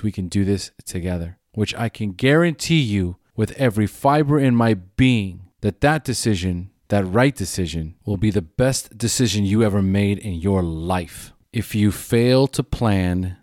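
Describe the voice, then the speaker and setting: A man's voice: on the low side, darkish tone, no room sound, clean studio sound. A man speaking earnestly about addiction recovery, firing off rhetorical questions and acting out short quoted exchanges. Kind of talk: earnest motivational talk.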